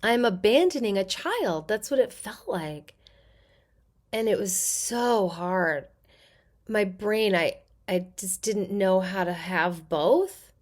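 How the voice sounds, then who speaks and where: A woman's voice: mid-range voice, slow pace. A middle-aged woman who works as an actor and therapist, talking casually as a podcast guest and acting out voices in her stories. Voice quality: character-actor voice. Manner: animated, acts out quoted voices in her stories. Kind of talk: casual interview talk.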